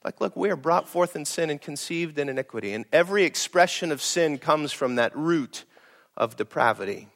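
A man's voice: a little high, animated, moderate pace, creaky. Emphatic preaching man. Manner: emphatic, blunt, preacherly, swings between loud and hushed. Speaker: pastor. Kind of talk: sermon.

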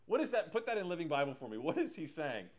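A man's voice: on the high side, very animated, fast. A man preaching a casual, joking sermon, explaining scripture with laughs and asides. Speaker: pastor.

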